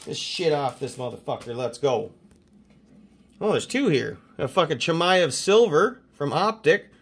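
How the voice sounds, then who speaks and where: Man, from canada, card channel host, swears nonstop, hyped, slightly high voice. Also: a little slow, breathy edge. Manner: profane, excitable hype talk. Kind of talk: casual mail-day chat.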